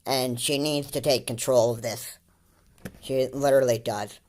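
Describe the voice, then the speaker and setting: A man's voice: mid-range voice, fairly even intonation, a little slow, darkish tone. A man giving casual, mocking commentary on a video, rambling with many fillers and restarts and laughing often.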